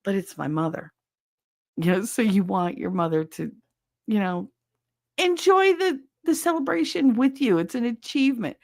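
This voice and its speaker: A woman's voice: mid-range voice, moderate pace, vocal fry, darkish tone, no echo, studio quality. A woman hosting a podcast, chatting casually with listeners, blunt and swearing freely. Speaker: podcast host reading listener chat. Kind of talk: casual chat.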